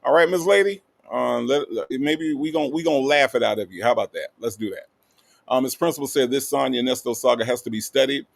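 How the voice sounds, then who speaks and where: Gravelly-voiced man hosting a live stream. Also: mid-range voice, a little fast. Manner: reads viewer comments aloud and greets each one playfully. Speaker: livestream host. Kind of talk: casual live-stream chat.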